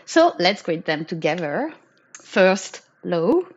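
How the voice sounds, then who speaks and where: Slow-speaking French woman host. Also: on the low side, sing-song, breathy edge, dull audio. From France. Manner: apologetic, laughs often. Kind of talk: live-stream hosting.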